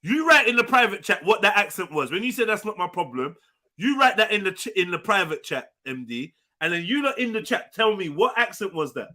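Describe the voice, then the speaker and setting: A man hosting a live panel show, loud and teasing, swearing freely. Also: sits high, big pitch swings, a little fast, hardly any pauses. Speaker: host of a livestream panel.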